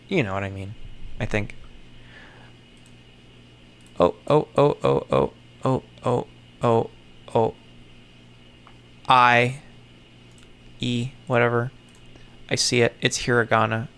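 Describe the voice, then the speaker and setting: Slow, gravelly man muttering to himself. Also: mid-range voice, a bit bright. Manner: mutters and thinks aloud to himself, sarcastic, swears casually. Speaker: content creator. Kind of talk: casual solo commentary while puzzling something out.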